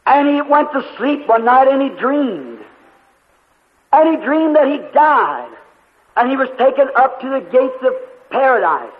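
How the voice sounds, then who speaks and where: High-voiced fervent male preacher. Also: very animated. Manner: fervent storytelling, drawn-out emphatic phrases. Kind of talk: sermon. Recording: tinny lo-fi recording with hall echo.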